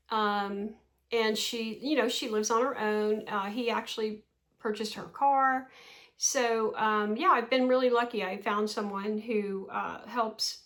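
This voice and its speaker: A woman in her sixties talks to the camera in a loose, rambling chat, her voice sitting a little high for a woman. She keeps breaking into small laughs and asking rhetorical questions. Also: a bit bright. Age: 60s. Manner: chatty, rambling, with frequent laughs and rhetorical asides. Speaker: vlogger. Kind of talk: casual talking-to-camera chat.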